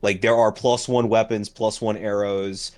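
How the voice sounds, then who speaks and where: A man running a tabletop game as game master, describing scenes with frequent pauses and fillers. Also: on the low side, flat delivery, a little mellow, faint music behind. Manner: halting, filler-heavy description.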